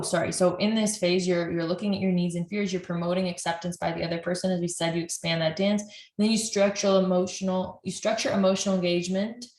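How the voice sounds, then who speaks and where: A woman's voice: fairly low pitch, roomy sound. A woman couples therapist earnestly explaining at length to camera, often restarting her sentences.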